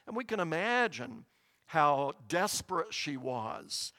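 A man preaching a sermon, earnest and emphatic, his voice rising high on quoted words. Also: very animated, a little slow, a bit bright, dry recording.

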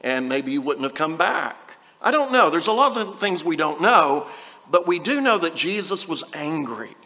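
High, bright-voiced male preacher in a hall. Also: sing-song, moderate pace. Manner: conversational, with scripture readings and restarts. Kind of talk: sermon.

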